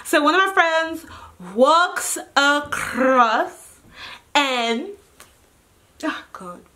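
A young woman with a high, bright voice tells a story in a casual vlog. She is animated and acts out each person's lines as she goes. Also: extremely slow. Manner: animated, acts out every line of dialogue. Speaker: vlogger.

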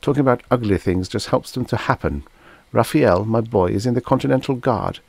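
Man reading as an anxious middle-aged mother, soft-spoken, pleading tone, gravelly underneath. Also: medium pitch, animated, a little fast, no room sound, pitched above the performer's own voice. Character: fretful older woman passenger, mother of a flyer.

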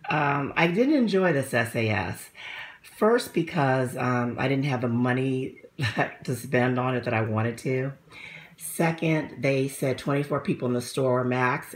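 A woman's voice: a bass voice, gravelly. A woman, slightly out of breath, chatting casually in a rambling way with many fillers as she reviews a shopping haul. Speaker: vlogger.

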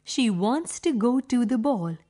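A woman reading a children's story aloud for young pupils, clear and deliberate, with simple phrasing. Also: on the high side, lively intonation, dark tone.

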